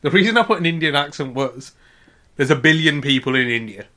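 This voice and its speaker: A man co-hosts a comedy podcast in a bright, tense-edged voice pitched a little high. He banters playfully, laughs easily and spins out absurd ideas. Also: expressive, brisk. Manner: playful, laughs often, riffs on silly ideas. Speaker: podcast co-host.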